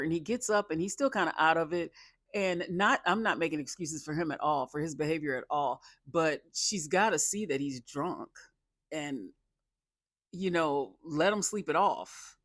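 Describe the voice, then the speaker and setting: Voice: mid-range voice, no echo, studio quality. A speaker recapping a reality show episode in casual commentary, rambling, restarting sentences and laughing often. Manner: laughs a lot while recounting.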